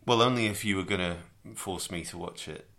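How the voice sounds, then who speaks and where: A man's voice: deep voice, fairly quick, vocal fry, a bit bright. A man co-hosting a film podcast in casual chat, teasing and dry, with frequent stumbling restarts. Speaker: podcast co-host.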